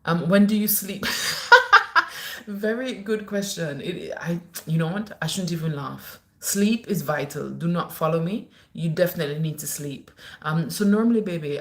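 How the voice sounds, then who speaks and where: A woman hosting a casual livestream on her phone, reading comments with animated, teasing swings between high playful lines and low asides. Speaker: livestream host. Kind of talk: casual live-stream chat reading comments.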